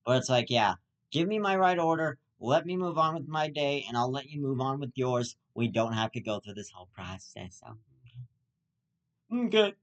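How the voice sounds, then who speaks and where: A young man hosts his own show and rants through a rambling comedic monologue. He stammers, restarts his sentences and swears often, in a voice of middle pitch. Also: lively intonation, moderate pace. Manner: stammering, profane ranting. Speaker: host.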